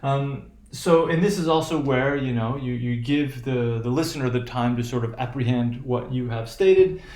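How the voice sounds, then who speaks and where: A man's voice: medium pitch, normal speed, a little mellow. A man with an American accent teaching a class on intonation, hesitant, with many fillers and frequent "right?" checks. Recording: echoey room.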